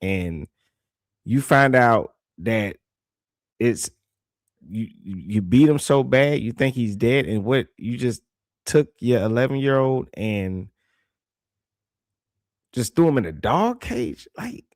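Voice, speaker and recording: A man giving casual reaction commentary on a news clip, animated and swearing, reading viewer comments aloud. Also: medium pitch, slow, long pauses, no room sound, clean studio sound.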